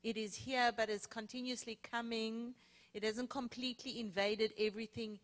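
A woman's voice: a little high, level tone, moderate pace, big-room sound. A woman, a guest preacher teaching from scripture with playful emphasis. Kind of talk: sermon. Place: church sanctuary.

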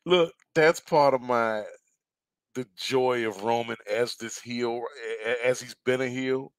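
A man's voice: mid-range voice, steady tone, unhurried, smooth, no room sound. A man co-hosting a review podcast, chatting casually, gushing and laughing a lot. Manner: laughs often, gushes with repeated praise.

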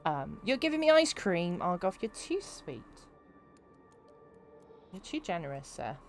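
A woman's voice: lowish voice, big pitch swings, a little slow, faint music behind. A young woman streaming a video game, chatting and giggling with her viewers as she plays. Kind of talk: casual gameplay commentary.

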